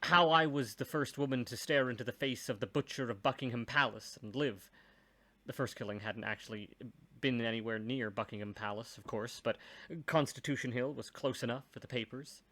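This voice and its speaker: A man's voice: mid-range voice, brisk, pushed and bright. Man reading a dry first-person story. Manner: dry, wry asides.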